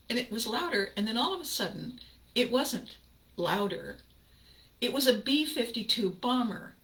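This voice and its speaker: On her own show, this woman shares a personal anecdote in a relaxed, lively way, frequently laughing and dramatizing how she reacted. She speaks at a medium pitch with a fairly bright tone, captured in a rough recording.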